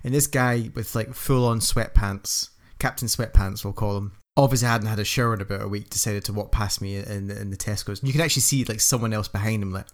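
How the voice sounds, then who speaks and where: A man's voice: lowish voice, fairly even intonation, a little fast, few pauses. A man co-hosting a casual podcast chat, telling stories with wry humour. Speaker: podcast co-host.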